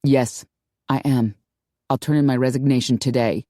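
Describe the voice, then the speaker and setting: A woman voicing a steady young male hunter who speaks in a controlled, earnest way, in an audiobook. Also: mid-range voice, normal speed, no room sound, clean studio sound, pitched below the performer's own voice, natural voice. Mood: resolute. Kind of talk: audiobook character voice.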